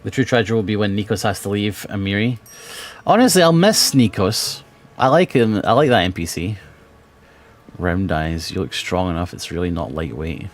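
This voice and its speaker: A British man streaming a video game, chatting casually and swearing, swinging between muttering and bursts of excitement. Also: low-pitched, fairly quick. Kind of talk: casual gameplay chat.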